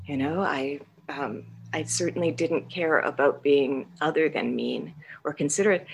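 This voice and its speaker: A middle-aged woman with a low, deep-set voice tells her own story in a candid, conversational way. She mocks herself, laughs often and talks in fillers and restarts. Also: unhurried, creaky, darkish tone, a little hiss or hum. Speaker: guest sharing her recovery story.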